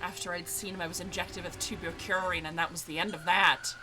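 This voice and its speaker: A woman streamer playing a video game, reading scenes aloud and reacting with excited shrieks and swearing. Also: on the low side, brisk, background noise.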